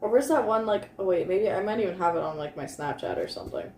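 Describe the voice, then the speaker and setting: A woman's voice: lowish voice, wildly swooping pitch, quick pace, darkish tone. A woman co-hosting a casual chat show, talking in a chatty way and laughing often. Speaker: co-host. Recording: echoey room with faint hum.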